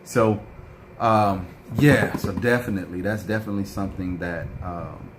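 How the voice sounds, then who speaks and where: A man's voice: sits low, normal speed, slight background noise. A man vlogging in a casual chat, telling a rambling story with lots of fillers and reading out viewer comments.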